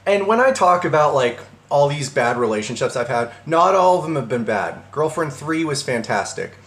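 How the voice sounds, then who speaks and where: A man's voice: a little high, big pitch swings, moderate pace, a bit bright. Rambling man in an echoey room. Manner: rambling, many restarts and stammers. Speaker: storyteller. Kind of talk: casual storytelling monologue.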